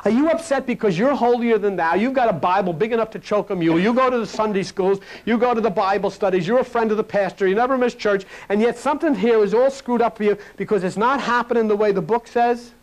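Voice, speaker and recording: A man preaching a sermon in a folksy, plain-spoken way, swinging between loud emphatic peaks and quiet asides. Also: sits high, quick pace, hardly any pauses, poor audio.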